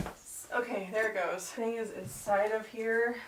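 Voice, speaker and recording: A woman's voice: a little high, fairly even intonation, measured pace, slight background noise. A young woman in her twenties chatting casually on her reading vlog at home, blunt and full of fillers, with some swearing. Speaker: book vlogger.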